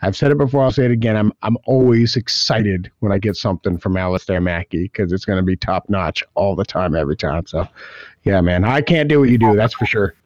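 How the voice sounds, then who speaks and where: A man hosting a casual interview, quick to laugh and full of praise. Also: lowish voice, darkish tone, dry recording. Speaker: podcast host. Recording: muffled lo-fi mic.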